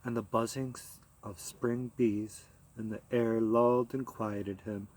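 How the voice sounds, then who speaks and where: A man reading a short story aloud as an audiobook, in a calm, measured way. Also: lowish voice, poor audio. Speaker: audiobook narrator. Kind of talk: audiobook narration.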